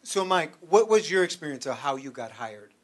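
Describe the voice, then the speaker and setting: A man's voice: fairly high pitch, very animated, moderate pace, crowd noise. A man hosting a casual interview, asking teasing follow-up questions. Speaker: podcast host.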